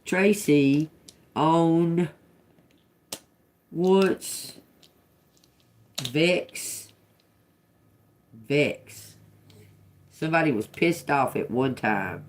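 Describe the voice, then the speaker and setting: A woman's voice: a bass voice, drawn-out words, long pauses, slight background noise. A woman doing a live-streamed tarot reading, sounding out single words as she muses on them, then breaking into chatty, profane asides with laughter. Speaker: tarot reader.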